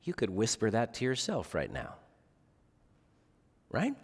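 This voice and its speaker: A man's voice: lowish voice, huge pitch swings, unhurried, breathy edge. A man preaching a sermon as pastor, earnest, often asking the listeners rhetorical questions. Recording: long reverb of a large hall.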